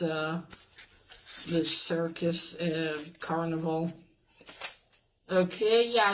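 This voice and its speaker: A woman talks through a comic's plot in a slow, unhurried way, trailing off and circling back as she goes. She swears casually and fills gaps with "uh" and "like." The recording sounds a little dull and lo-fi. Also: mid-range voice, a bit bright. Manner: rambling, swears freely, many restarts and fillers. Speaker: comic review host.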